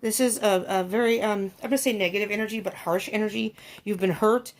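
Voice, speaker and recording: A woman's voice: medium pitch, fairly even intonation, brisk. A woman giving a casual tarot reading to her viewers, thinking aloud with many ums and laughing often. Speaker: tarot reader.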